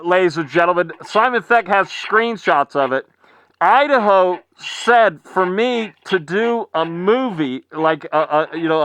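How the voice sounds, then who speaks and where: A man's voice: high voice, no room sound. A man talking as a guest on a casual livestream. He stumbles and repeats words, and often calls out to the audience like an announcer. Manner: halting, repeats words, announcer-like "ladies and gentlemen".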